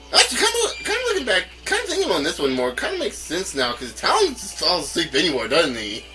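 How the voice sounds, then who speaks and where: A man's voice: high-pitched, huge pitch swings, brisk, background noise. A man from North Carolina giving casual, rambling commentary while playing a game, stammering and chuckling often. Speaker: let's play host. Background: game music.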